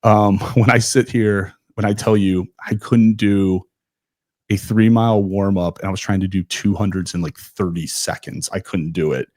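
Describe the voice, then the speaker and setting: A man in his forties from Ohio, a guest on a podcast. He speaks in a relaxed, conversational way and briefly voices the people he quotes. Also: low voice, moderate pace, dry recording, clean studio sound. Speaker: podcast guest, former runner. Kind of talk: casual storytelling interview.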